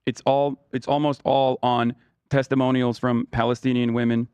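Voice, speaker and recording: Man, casual debate, insistent, halting, smooth voice, dry close sound. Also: mid-range voice, level tone, darkish tone, no room sound, lo-fi sound. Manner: insistent but halting, repeats words.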